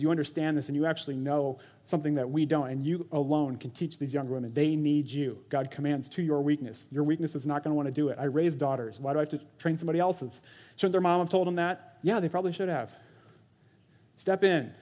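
A pastor in his thirties preaches with earnest urgency in a warm voice pitched slightly high for a man. When quoting others, he slips into short mocking impressions.

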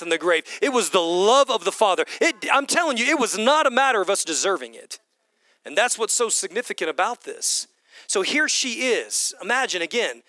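A middle-aged man preaching a sermon in an animated way, repeating key phrases for emphasis. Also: high voice, no room sound. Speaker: pastor.

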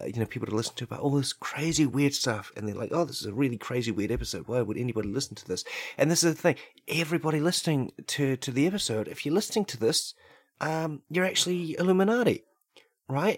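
A man's voice: medium pitch, dry recording, studio quality. Rambling man hosting a comedy podcast. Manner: loose and rambling, many fillers and "right?", deadpan absurd. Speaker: podcast host.

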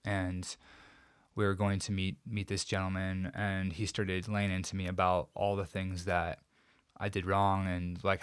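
A man as an interview guest, recounting a painful personal story in a reflective, halting way with many restarts. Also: deep voice, steady tone, fairly bright tone, clear, resonant tone, no echo, studio quality.

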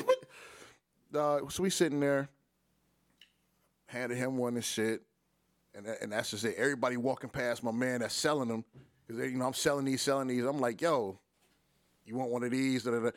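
A man's voice: dry recording, clean studio sound. A man from Detroit telling casual stories on a podcast, acting out quotes with big jumps in his voice and plenty of swearing. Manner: animated, profane, acts out quotes with big pitch jumps. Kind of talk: casual storytelling.

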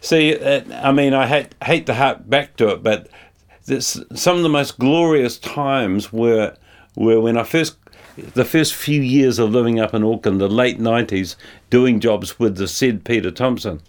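A man's voice: medium pitch, a little slow. A man who composes music for ads, talking casually and rambling with many fillers and restarts. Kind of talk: casual conversation.

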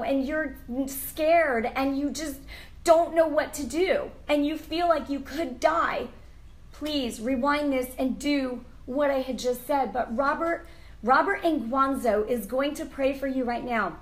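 A woman's voice: sits high, poor audio. A woman hosting a Christian interview show, fervent and emotional, urging viewers to cry out to God and praying aloud. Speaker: host.

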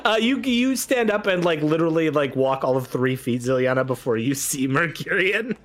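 A man's voice: a little high, lively intonation, normal speed. A man narrating as game master in a tabletop game, rambling with frequent fillers.

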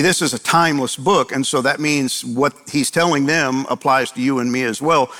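A male preacher with a mid-range, fairly bright voice delivers a sermon, hammering his points home through emphatic repetition and rhetorical questions he answers himself. A long hall reverb hangs over the recording.

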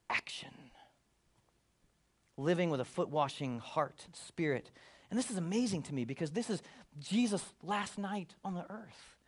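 A man preaching a sermon in an animated, playful way, breaking off into jokes and acting out the people in the story. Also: high-pitched. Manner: animated, playful asides, acts out voices of the disciples. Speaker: pastor.

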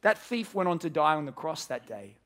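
A man's voice: fairly high pitch, big pitch swings, brisk, fairly bright tone. A man preaching a sermon to a church congregation, earnest, acting out the characters in his story. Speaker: pastor.

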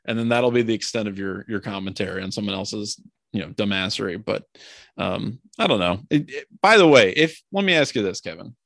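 A man's voice: on the low side, lively intonation, fairly quick, gravelly, fairly bright tone, no room sound, studio quality. A man hosting a casual sports podcast, chatty and joking, rambling with many fillers. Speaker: podcast host.

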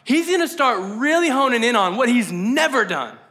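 A man preaching a conversational sermon at a church service, casual and animated, with many likes and ums. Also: very high voice, normal speed. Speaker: pastor.

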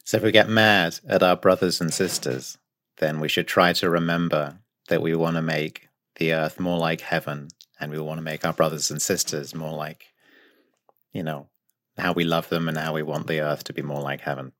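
Deep-voiced man, earnest chat. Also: steady tone, moderate pace, a bit bright, dry recording, studio quality. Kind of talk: casual chat.

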